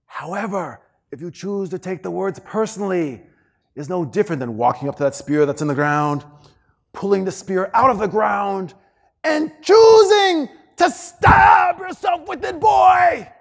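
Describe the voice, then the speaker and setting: A man imitating his wise, stern father, who speaks in a foreign accent with slow, weighty emphasis. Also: high-pitched, creaky, raised voice, pitched above the performer's own voice, heavily acted. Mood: solemn.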